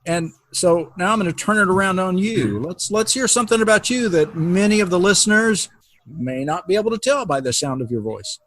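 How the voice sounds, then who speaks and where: A man's voice: high voice, fairly quick, no echo. A man in his fifties, a podcast co-host and stage actor, chatting and joking over a video call. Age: 50s. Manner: joking, self-deprecating, lively banter.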